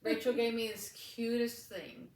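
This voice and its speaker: A woman's voice: a little high, steady tone, a little slow, echoey room, distant mic, a little hiss or hum, poor audio. A woman co-hosting a casual craft chat, telling stories in a chatty way with frequent laughter. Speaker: podcast co-host.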